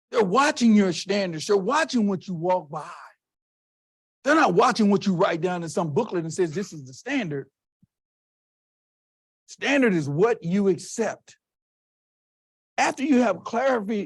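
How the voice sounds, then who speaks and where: A man from Texas giving a motivational keynote, telling stories in an emphatic, animated way. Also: high-pitched, husky. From Texas, USA. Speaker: keynote speaker. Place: conference hall stage.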